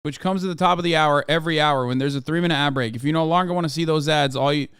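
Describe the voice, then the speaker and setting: A man streaming, reacting to a video with a profane, sarcastic, animated rant. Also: fairly high pitch, fast talker, smooth.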